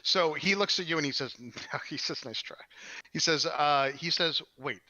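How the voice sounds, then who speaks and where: A man's voice: a little high, moderate pace, pushed and bright, no echo. A man narrating as game master in a tabletop game, rambling with many fillers and restarts. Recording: dry, dull lo-fi mic.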